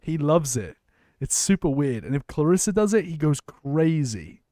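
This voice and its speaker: A man rambles through a casual live stream, restarting his sentences and swearing freely. His voice sits a little high and swings widely in pitch. The tone is warm and mellow, and the sound is dry and close. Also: very animated, moderate pace, no room sound.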